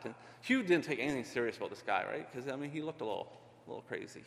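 A man's voice: on the high side, expressive, racing, fairly bright tone. Earnest man preaching in a hall. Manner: earnest, conversational, many restarts. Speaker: ministry leader. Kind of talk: sermon.

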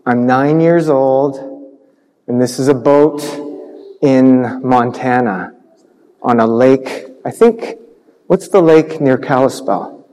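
A pastor telling a Bible story to children in church, animated, acting out sound effects. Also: male voice, mid-range voice, slow pace, pauses often. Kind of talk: children's sermon. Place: church sanctuary. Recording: long church reverb.

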